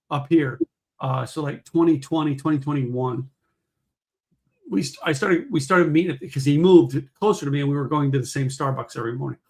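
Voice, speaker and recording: A middle-aged man co-hosting a casual podcast, telling stories and jokes in an animated way. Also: on the high side. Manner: animated storyteller, acts out quoted voices. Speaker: podcast co-host. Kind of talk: casual chat, telling a joke.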